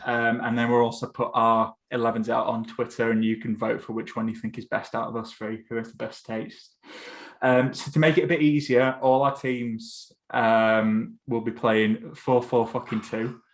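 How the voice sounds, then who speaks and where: A man's voice: mid-range voice, little pitch movement, moderate pace. Chatty Essex-accented young man. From England. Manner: chatty, loose, swears casually. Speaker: podcast host. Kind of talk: casual chat.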